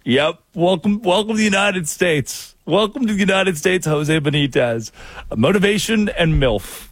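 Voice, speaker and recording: Animated man telling jokey sports stories. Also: sits high, moderate pace, no room sound. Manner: animated storytelling with voiced quotes. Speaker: sports talk show host. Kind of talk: comic sports talk.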